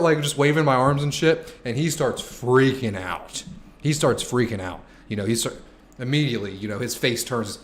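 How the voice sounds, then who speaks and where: Young man, casual live-stream chat, laid-back and joking, swears a lot, faint hiss behind. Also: fairly low pitch. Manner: loose, joking, swears freely, bursts into loud shouts. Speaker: crypto streamer answering chat questions.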